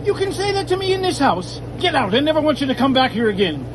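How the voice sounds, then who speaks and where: Man playing a hot-tempered old dad, squeaky high shouting, swooping pitch, noisy recording. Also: animated, fairly quick. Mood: angry. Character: stern old father, hot-tempered then doting.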